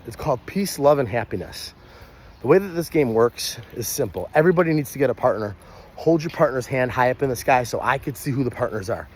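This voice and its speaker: Animated party host man. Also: a little fast, slight background noise. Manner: animated, jumps to loud high shouts when acting out calls. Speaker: party entertainer teaching games. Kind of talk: energetic how-to explanation.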